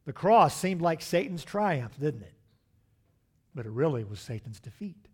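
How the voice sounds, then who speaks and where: A man, middle-aged, preaching a sermon, swinging from loud emphatic lines to hushed, drawn-out asides. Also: fairly high pitch, very animated, slightly rough. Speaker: pastor.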